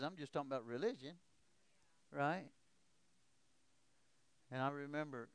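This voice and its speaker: A man preaching a testimony sermon, telling a story that builds to a shouted exhortation. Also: mid-range voice, clean tone, dry recording.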